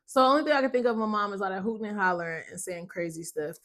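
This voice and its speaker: A woman's voice: medium pitch, fast talker. A young adult woman co-hosting a podcast, chatting casually and telling stories with frequent laughs. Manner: laughs often, animated storytelling, African American vernacular. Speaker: podcast co-host. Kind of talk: casual chat.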